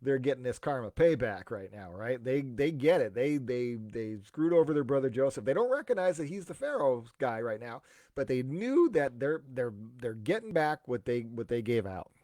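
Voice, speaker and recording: A man's voice: medium pitch, lively intonation, moderate pace, warm tone, no echo. A man, a pastor, casually retelling a Bible story with chatty asides and questions to listeners.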